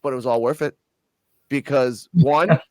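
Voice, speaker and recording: A man from Puerto Rico telling a story in a casual, animated vlog, cursing freely and sounding a little tipsy. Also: medium pitch, moderate pace, dry recording. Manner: profane, animated, excited storytelling. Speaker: channel host.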